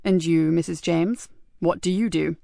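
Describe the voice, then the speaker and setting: A woman voicing a male police sergeant who questions in a measured, quiet way. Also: fairly low pitch, steady tone, creaky, dry recording, clean studio sound. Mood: probing.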